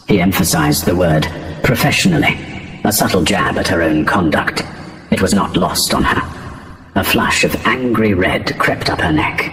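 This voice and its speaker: Low-voiced man narrating a story. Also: animated, moderate pace, a bit bright, roomy sound, slight background noise.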